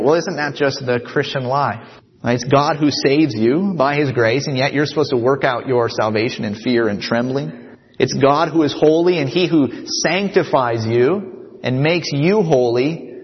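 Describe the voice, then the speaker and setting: Man, pastor, sermon, earnest, mid-pitched voice, long hall reverb, muffled lo-fi sound. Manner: earnest, repeats "right?" to the congregation.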